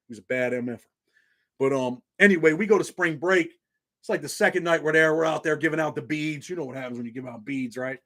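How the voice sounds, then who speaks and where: A man's voice: medium pitch, fairly bright tone. A man in his forties from New York with a slight Southern country twang, hosting a casual, streetwise monologue and calling his viewers "man" constantly. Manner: laid-back, streetwise, drops "man" constantly. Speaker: channel host.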